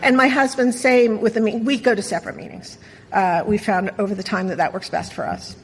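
A woman's voice: medium pitch, steady tone, brisk, breathy edge, in a large hall, rough recording. A middle-aged woman sharing a personal story at a recovery meeting, wry, candid and self-mocking.

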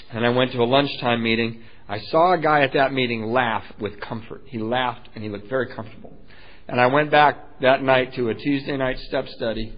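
A man sharing a personal recovery story, candid and self-mocking, swinging between hushed and loud. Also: medium pitch, lo-fi sound. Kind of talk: personal testimony talk.

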